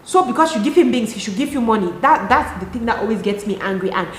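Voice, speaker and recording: A young Cameroonian woman with a Cameroonian accent, chatting to camera in an animated, exasperated way. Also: fairly high pitch, quick pace, slight background noise. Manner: animated, talks with her hands, rhetorical and exasperated. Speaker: lifestyle vlogger. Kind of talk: casual chat to camera. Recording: echoey room.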